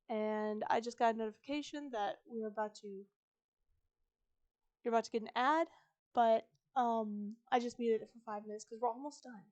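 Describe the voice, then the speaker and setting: A woman's voice: on the high side, moderate pace, a little mellow. A woman reading a novel aloud on a live stream, chatting with viewers between passages and correcting herself as she goes.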